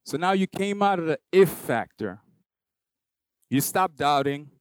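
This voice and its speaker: A young man preaching a sermon at a baptism service, repeating short phrases and building to loud, emphatic peaks. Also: fairly high pitch, animated, unhurried, smooth, no echo. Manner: rhythmic repetition, rising to loud emphatic peaks. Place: church hall with a congregation of about two hundred.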